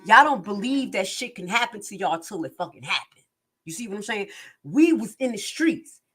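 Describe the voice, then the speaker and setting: A woman's voice: mid-range voice, very animated, normal speed, fairly bright tone, slightly rough. A middle-aged woman giving impassioned live-stream commentary, blunt and streetwise, preaching and repeating herself for emphasis.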